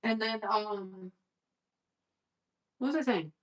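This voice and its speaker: A woman's voice: medium pitch, slow. A young woman livestreaming, telling a personal story in casual chat. She swears freely and fills her talk with "like.". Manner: candid, swears freely, heavy use of "like".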